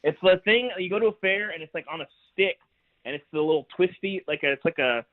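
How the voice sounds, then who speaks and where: A man's voice: high-pitched, quick pace. Wry man on a tinny phone line. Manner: wry, chatty, laughs at own jokes. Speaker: guest sports writer. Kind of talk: casual sports radio chat. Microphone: phone call.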